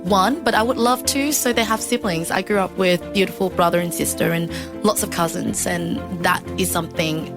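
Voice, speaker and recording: Frank young woman with a gravelly voice. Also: fairly low pitch, normal speed. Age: 20s. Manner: frank, chatty storyteller. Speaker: dating contestant. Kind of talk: casual chat. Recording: music bed under the talk.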